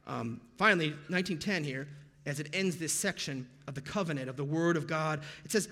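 American male pastor, slightly raised pitch, chatty sermon delivery with jokey asides, echo of a big hall. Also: fairly quick, pushed and bright. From United States. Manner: conversational, with jokey pop-culture asides.

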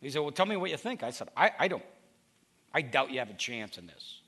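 A middle-aged pastor delivering a sermon as if chatting with his listeners. His voice is gravelly and bright, and it rises and falls a lot. He tells stories in a conversational way and often stops to restart a sentence. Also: mid-range voice, brisk. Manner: conversational storytelling, animated with restarts.

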